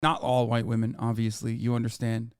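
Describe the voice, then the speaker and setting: A man's voice: mid-range voice, completely flat delivery, a little fast, a little mellow, smooth, no echo, studio quality. A man with an American accent giving sarcastic, profane commentary while reacting to a video. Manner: sarcastic, profane, talks over the clip. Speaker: streamer reacting to an interview. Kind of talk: casual commentary.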